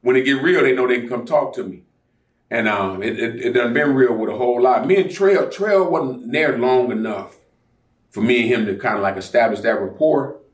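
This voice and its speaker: A man's voice: mid-range voice, moderate pace. A man who mentors young people, speaking earnestly in a documentary interview and repeating his advice with emphasis. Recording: roomy sound from a distant mic.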